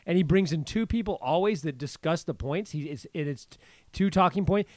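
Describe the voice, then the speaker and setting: A man's voice: on the high side, brisk, no echo, clean studio sound. A man co-hosting a casual political chat, rambling with frequent restarts and acting out others' words in a raised voice. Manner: rambling, with many restarts and stammers.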